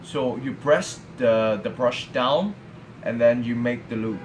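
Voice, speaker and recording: A young man whose first language is Vietnamese teaches brush calligraphy in a casual tutorial, halting often with fillers and restarts. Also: medium pitch, echoey room, a little hiss or hum. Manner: halting, many fillers and restarts, friendly asides. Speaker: calligraphy instructor. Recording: tinny phone-like audio.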